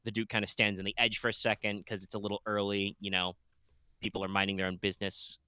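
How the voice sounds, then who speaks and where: A male game master narrating a tabletop game in a playful, rambling way with plenty of fillers. His voice sits fairly low but rings bright and smooth, recorded dry and close. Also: level tone, quick pace, no echo.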